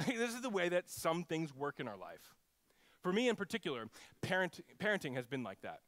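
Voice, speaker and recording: A man preaching a sermon as pastor, animated and conversational, swinging between loud exclamations and hushed lines. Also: high-pitched, no echo.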